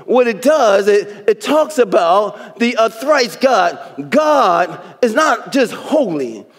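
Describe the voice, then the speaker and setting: A man preaching a fervent sermon, shouting and whooping praise to his congregation in a church sanctuary. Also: sits high, very animated, takes it slowly. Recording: long reverb of a church sanctuary.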